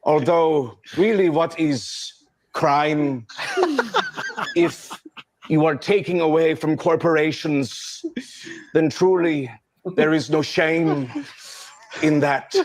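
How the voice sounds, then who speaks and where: A man doing a solemn German-accented superhero. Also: fairly high pitch. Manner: slow, solemn and philosophical. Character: musing German-accented superhero man, lenient toward villains. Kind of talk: comedy impression clip.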